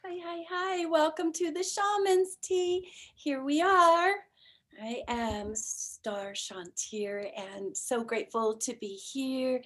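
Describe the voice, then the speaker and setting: A woman with a somewhat high voice hosts a spiritual chat show, taking her time over every phrase. She speaks softly and from the heart, sometimes sinking into a near-whisper. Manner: soft, slow, heartfelt, drifting into near-whispers. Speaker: podcast host and ayahuasca facilitator.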